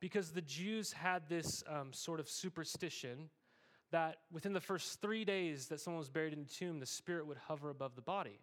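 A man delivering a sermon as a pastor, talking to the congregation in a relaxed, conversational way with lots of quick asides. His voice sits somewhat higher than most men's. He moves between casual banter and earnest, emphatic preaching. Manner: conversational, animated preaching with frequent "okay?" asides.

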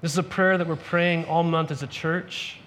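A young adult man pastor delivering a sermon, retelling a parable in a conversational, animated storytelling way with casual asides to the congregation. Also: on the high side, normal speed, slight background noise.

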